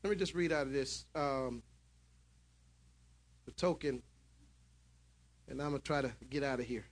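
A man preaching a sermon in church, shouting at his peaks and dropping into calmer storytelling. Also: medium pitch, normal speed.

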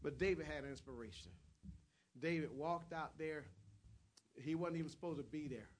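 A man preaching a sermon, retelling Bible stories in acted voices and rising to loud shouts. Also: a little high, moderate pace. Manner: storytelling preacher who acts out the voices of Bible figures, builds to shouts.

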